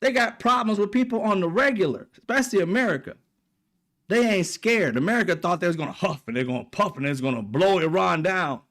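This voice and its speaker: A man's voice: high-pitched, animated, fairly quick, a bit bright. A man delivering a heated, profane political rant, mocking and blunt. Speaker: political commentator. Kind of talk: ranting monologue.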